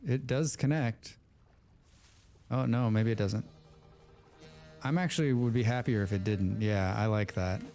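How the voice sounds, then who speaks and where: A man of medium pitch and dark tone speaks at a moderate pace with frequent pauses, faint music behind him. He's hosting a casual let's play, playfully chatting and rambling with friends and repeating his words often.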